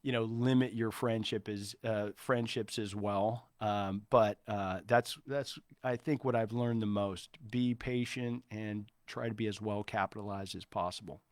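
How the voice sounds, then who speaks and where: A man's voice: lowish voice, steady tone, a little slow, few pauses, no room sound, clean studio sound. A man in his forties, an entrepreneur guest in an interview, giving earnest advice with frequent restarts. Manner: earnest, advising, many restarts. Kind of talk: casual interview talk.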